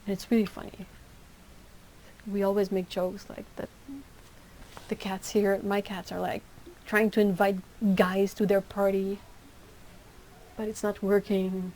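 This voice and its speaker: A woman's voice: mid-range voice, steady tone, a little slow, pauses often, darkish tone, slight background noise, poor audio. A woman hosting a casual livestream, chatting and reacting to viewers' comments with frequent laughter. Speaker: livestream host and artist.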